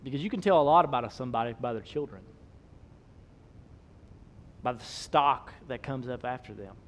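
Animated man preaching a sermon. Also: moderate pace. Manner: animated preaching, swinging between loud emphasis and soft low asides. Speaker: pastor.

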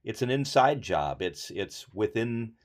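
A man's voice: lowish voice, sing-song, a little slow. A man co-hosting a casual chat, agreeably explaining a pun. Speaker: podcast co-host.

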